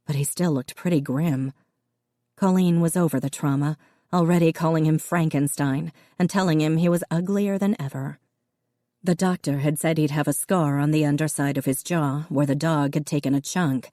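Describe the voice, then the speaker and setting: A woman narrating an audiobook in an even, measured reading. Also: low-pitched, no echo, clean studio sound. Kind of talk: scripted narration.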